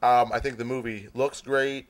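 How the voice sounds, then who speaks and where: A man talking as a podcast guest, animated, blunt and jokey. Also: medium pitch, moderate pace. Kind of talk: casual chat.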